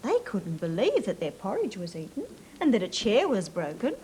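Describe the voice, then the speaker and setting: A woman's voice: mid-range voice, wildly swooping pitch, normal speed, dark tone. An Australian woman presenting a children's TV show, telling a story and coaxing answers with questions, on an old hissy TV tape.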